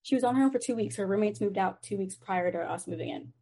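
A young woman tells a story over a video call, animated and full of "like" and swearing. She talks quickly, and her voice is a little breathy and husky. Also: medium pitch. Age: young adult.

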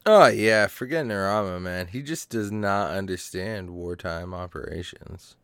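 Upbeat man with a low, smooth voice. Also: measured pace, fairly bright tone, dry recording, studio quality. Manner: upbeat, joking, reads sponsor spot. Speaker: podcast co-host. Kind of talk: casual gaming podcast chat.

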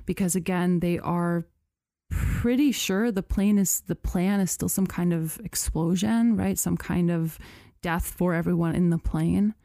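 A woman tells a story on a podcast in a loose, chatty way, full of "like" and "you know". Her voice sits a little low and sounds mellow. The recording is close and dry. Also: a little slow, no echo. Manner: chatty, lots of "like" and "you know", laughs often. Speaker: podcast host. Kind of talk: casual storytelling chat.

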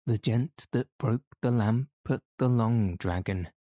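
A man doing a gruff, indignant village constable. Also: mid-range voice, takes it slowly, mellow, no echo, studio quality. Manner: blunt, accusing, dropped aitches. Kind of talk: audiobook character voice.

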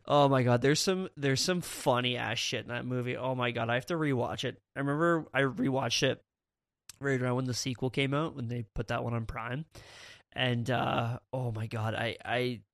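A man's voice: mid-range voice, fairly even intonation, moderate pace, gravelly, a bit bright, no echo, clean studio sound. A man from Canada co-hosting a casual podcast, rambling, laughing a lot and swearing casually. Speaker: podcast co-host.

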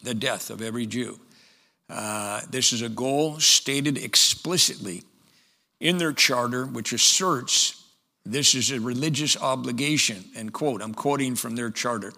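Older pastor guy preaching slow, gravelly bright voice, big hall reverb. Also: mid-range voice. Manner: slow and halting with many fillers, rising to forceful scripture reading. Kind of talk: sermon.

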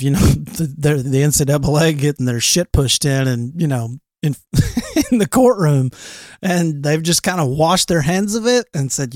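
A man's voice: on the high side, darkish tone, no room sound, clean studio sound. A man co-hosting a casual sports podcast, talking loosely with profanity and frequent laughs. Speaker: podcast co-host.

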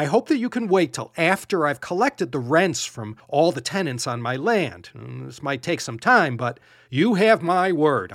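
A man's voice: a little high, no room sound, clean studio sound. A man voicing a miserly old rich man who speaks with oily, stammering false politeness.

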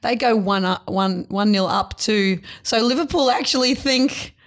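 A woman, a sports commentator co-hosting a casual chat, telling animated stories. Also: mid-range voice, unhurried. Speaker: podcast co-host, sports commentator.

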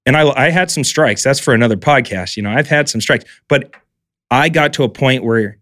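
A man's voice: mid-range voice, moderate pace, fairly bright tone, no echo, clean studio sound. A man hosting a podcast who tells stories animatedly and swears freely in casual conversation. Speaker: podcast host.

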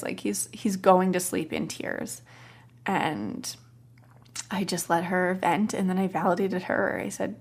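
A woman hosting a parenting podcast who tells a coaching story in a calm, gentle, soft-spoken way. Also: lowish voice, unhurried, creaky, breathy edge. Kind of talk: casual storytelling.

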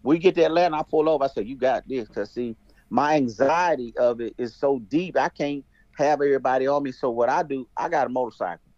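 Animated man telling stories. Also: mid-range voice, fairly quick, no room sound, dull audio. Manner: animated storyteller, acts out dialogue. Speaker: podcast guest, veteran. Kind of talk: casual chat.

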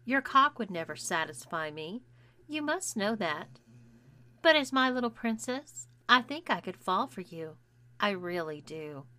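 A woman reading an audiobook, voicing a bossy young woman who coaxes and commands in a slow, bright voice. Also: mid-range voice, expressive. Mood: tender. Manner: coaxing, domineering.

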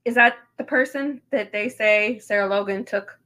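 Casting: bright, crisp woman in her thirties, loose talk-show co-host, swears freely. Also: mid-range voice, normal speed. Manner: chatty, swears freely, many ums. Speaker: podcast co-host. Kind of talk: casual chat recap.

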